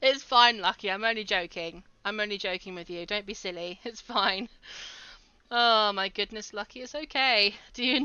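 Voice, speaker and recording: A woman streams a game and chats casually with her viewers, giggling often and talking directly to chat. Her fairly high voice is bright, forceful and clean, with no echo, though the audio is dull.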